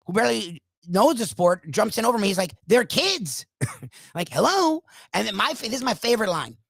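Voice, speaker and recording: A man hosting a talk radio show, ranting in a casual, animated way and acting out the people he quotes. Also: high-pitched, creaky, no echo.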